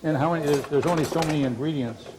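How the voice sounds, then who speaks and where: An older man co-hosting a comedy cooking show, trading dry, deadpan jabs with his partner. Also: fairly high pitch, racing, noisy background. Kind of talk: comic banter while cooking. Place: TV studio kitchen with live audience.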